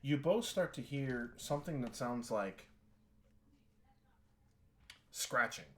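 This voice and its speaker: Halting male game master. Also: mid-range voice, lively intonation, a bit bright, slight background noise. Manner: halting, many fillers and restarts. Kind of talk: narrating a tabletop game.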